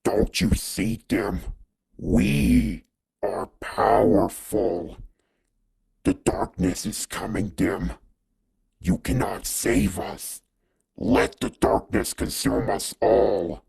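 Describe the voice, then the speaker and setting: A man voicing a menacing male villain in a fan animation cutscene, making slow, drawn-out, half-whispered threats in a raspy voice. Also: on the low side, a little mellow, heavily acted.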